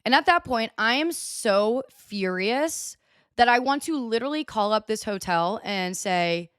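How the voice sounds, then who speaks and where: A young woman hosting a podcast, telling a story in a chatty, animated way with lots of filler words. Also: fairly high pitch, moderate pace, clean tone, no echo, studio quality. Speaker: podcast host. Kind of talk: casual storytelling monologue. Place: US (Texas area).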